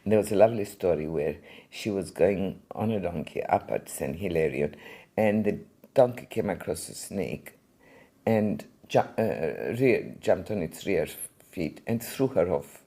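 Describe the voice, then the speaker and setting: An older woman, an art collector and museum founder, telling anecdotes in an interview in an animated, vivid way. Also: extremely low pitch, unhurried, breathy edge.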